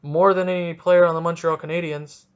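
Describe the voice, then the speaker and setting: A man hosting a casual solo sports podcast, talking in an excitable, rambling and jokey way, with a stuffy nose. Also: on the high side, fairly quick, clean tone, highs cut off. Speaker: podcast host.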